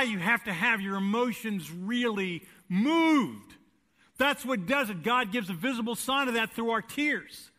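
Bright-voiced preacher, a man pitched high. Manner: emphatic preaching, swinging between loud declarations and hushed lines; direct, asks the congregation rhetorical questions. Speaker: pastor. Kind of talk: sermon. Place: church sanctuary.

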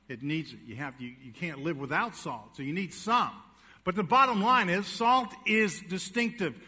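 A man's voice: sits high, bright, forceful tone, in a large hall. A male pastor preaching a sermon to his church, emphatic and folksy, asking the congregation questions. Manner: folksy joke-telling, then emphatic preaching with audience questions. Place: church sanctuary.

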